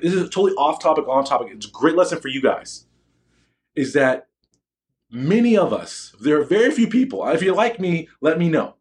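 Boastful, emphatic man giving a motivational talk. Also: a little high. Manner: boastful, emphatic, asks the audience questions. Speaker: motivational speaker addressing students.

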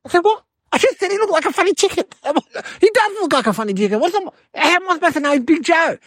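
A woman playing a whiny excitable little boy. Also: a little high, moderate pace, no echo. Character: cheeky eight-year-old city boy. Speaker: storyteller. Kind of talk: comedic character monologue.

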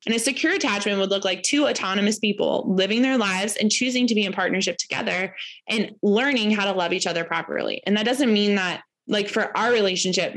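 A woman in her thirties giving a casual spoken lesson as a course teacher, chatty, full of fillers and tag questions, acting out quoted voices. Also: a bit bright. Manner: acts out quoted voices with rising pitch.

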